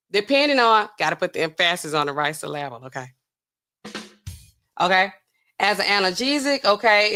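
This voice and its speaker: A woman's voice: mid-range voice, fairly bright tone. A woman hosting a casual pharmacy commentary, reading drug documents aloud and checking in with "okay?" constantly. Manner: peppers talk with "okay?", skims and reads documents aloud. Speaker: pharmacist host.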